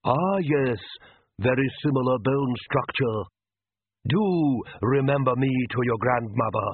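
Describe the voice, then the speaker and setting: A man voicing a suave, courteous old male vampire aristocrat with a slow, genteel manner. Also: medium pitch, lively intonation, narrow, tinny audio, a little hiss or hum. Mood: courtly.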